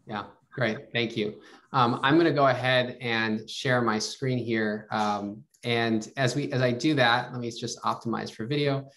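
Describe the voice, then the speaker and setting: A man presenting a webinar in a relaxed way, with many fillers. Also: mid-range voice, measured pace.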